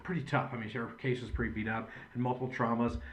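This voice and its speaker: A man's voice: medium pitch, steady tone, quick pace. A man speaking as a chiropractor in a patient education video, in an earnest, conversational storytelling manner.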